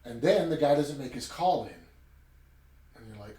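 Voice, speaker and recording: A man reviewing a book in a casual chat, retelling it in an animated way with chatty asides. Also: medium pitch, normal speed, pauses often. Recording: roomy sound from a distant mic with faint ambience.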